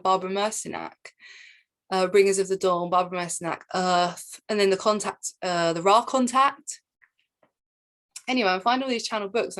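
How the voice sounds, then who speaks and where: A woman, a spiritual teacher, telling her own story in an excited, rambling monologue full of repeats and asides. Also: mid-range voice. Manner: excitable, repeats herself, jumps between asides.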